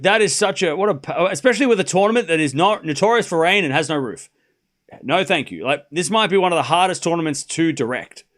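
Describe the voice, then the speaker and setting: A man hosting a live tennis watchalong, his voice sitting a little high and swinging through a wide, animated range. He calls the score, then drifts into loose, chatty asides full of laughs and casual swearing. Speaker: stream host. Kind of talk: live sports watchalong commentary.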